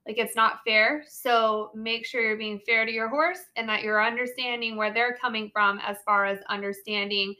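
A woman hosts a horse training podcast, offering casual, chatty coaching. She's animated, laughs often, and keeps dropping "right?" and "like" into her talk. Her voice sits a little high, at a moderate pace with few pauses.

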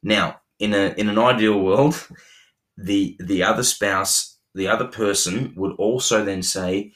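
On this relationship-advice podcast, the young male co-host talks earnestly, often restarting and repeating words. He speaks at a measured pace in a lowish voice with a fairly bright tone.

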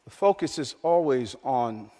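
A man preaching a sermon in a church, emphatic and repetitive, swinging between loud, lifted lines and hushed ones. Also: mid-range voice, animated, a little slow. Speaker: pastor. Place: large church hall. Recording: long reverb of a large hall.

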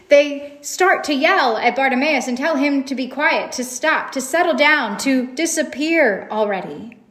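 A woman preaching a sermon, retelling a story in a reflective way and asking rhetorical questions. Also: sits high.

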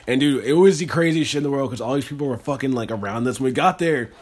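Young male podcast co-host, rapid-fire and excitable, medium pitch, salty language. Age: young adult. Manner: fast, excitable storytelling with swearing. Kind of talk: casual podcast chat.

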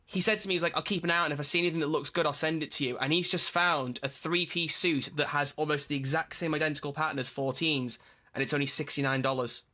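A man hosting a podcast in casual, teasing chat, taking calls with animated energy. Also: a little high, quick pace. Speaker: podcast host.

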